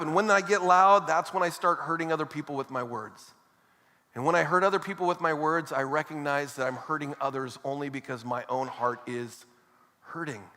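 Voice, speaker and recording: Conversational preacher with a high voice in a reverberant hall. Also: male voice, pushed and bright. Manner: conversational preaching with casual asides. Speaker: pastor. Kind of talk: sermon. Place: church auditorium.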